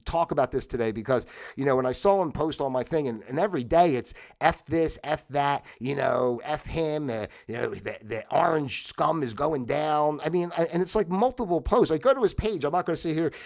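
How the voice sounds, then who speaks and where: Guy rambling on his livestream, lots of "you know", sometimes gets loud and worked up. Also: fairly quick, few pauses. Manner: rambling, many fillers and restarts; bursts into loud, high exasperated outbursts. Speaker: livestream host. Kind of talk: casual solo livestream monologue.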